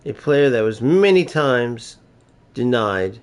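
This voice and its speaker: A man's voice: mid-range voice, animated, slow, clear, resonant tone. An American man streaming a football video game, chatting casually and joking with viewers while he plays. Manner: talkative, joking, opinionated. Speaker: gaming streamer. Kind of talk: casual gameplay commentary.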